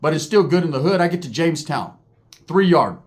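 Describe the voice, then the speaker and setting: Slangy man, higher voice. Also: expressive. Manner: slangy, profane, mixes in Spanish words; acts out other people's lines in quick voices. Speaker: storyteller recounting prison life. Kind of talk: casual storytelling.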